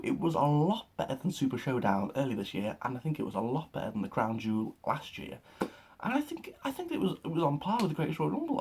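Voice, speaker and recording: A young man excitedly recapping a wrestling show in a rambling, casual way, with lots of fillers and swearing. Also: medium pitch, slightly rough. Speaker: wrestling reaction vlogger.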